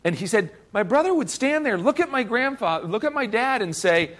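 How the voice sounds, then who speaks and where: A man's voice: very high voice, very animated, brisk, fairly bright tone. A man preaching a sermon, earnest and emphatic, often repeating words as he presses a point. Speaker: pastor.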